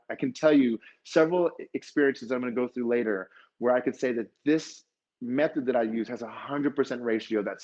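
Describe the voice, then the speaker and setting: A man's voice: medium pitch, a little mellow, lo-fi sound. A man giving an earnest, emotional motivational talk at a conference, telling stories and acting out quotes. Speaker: conference speaker.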